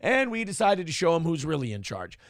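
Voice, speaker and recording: Man putting on a blunt, gravelly CIA agent. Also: a little high, big pitch swings, brisk, no echo, studio quality. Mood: matter-of-fact. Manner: casual, matter-of-fact, crude.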